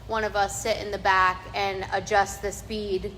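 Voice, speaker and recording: A woman's voice: mid-range voice, little pitch movement, unhurried, a bit bright, in a large hall, a little hiss or hum, low-quality recording. A woman co-hosting a casual demo, upbeat and explanatory. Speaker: co-host. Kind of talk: casual live demo chat.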